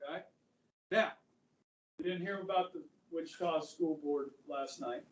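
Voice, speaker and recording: A middle-aged man teaching a high school history class, chatty, quizzing students and saying "okay" often. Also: measured pace. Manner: conversational, asks the class questions, frequent "okay". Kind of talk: classroom lecture. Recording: echoey room, voice from far off.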